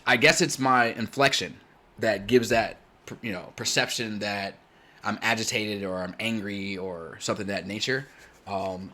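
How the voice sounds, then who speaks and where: A man born in Germany, a native German speaker, hosting a game tournament in casual chat, blunt and loud when excited. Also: medium pitch. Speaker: tournament host.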